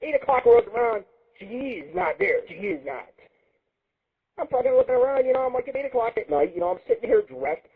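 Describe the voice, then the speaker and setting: A man hosting an internet radio show, telling crude rambling stories in a profane, excitable monologue. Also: extremely high pitch, brisk. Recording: husky lo-fi phone-line sound.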